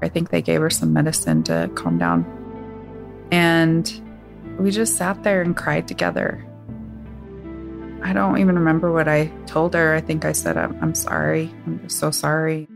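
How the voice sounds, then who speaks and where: Gravelly low woman recalling a hard day. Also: expressive, moderate pace, long pauses, over music. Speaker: interviewee, sister. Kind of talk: emotional personal testimony.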